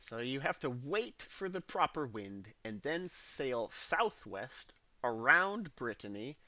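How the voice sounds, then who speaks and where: A man narrating as game master of a tabletop game, relaxed and rambling, with plenty of fillers. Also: mid-range voice, takes it slowly, dry recording, highs cut off.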